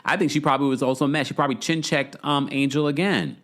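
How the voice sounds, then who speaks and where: A man hosting a casual reality TV recap, talking playfully and jumping his pitch up to mimic the people he quotes. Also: steady tone, quick pace, fairly bright tone. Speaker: podcast host recapping reality TV. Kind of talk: casual chat.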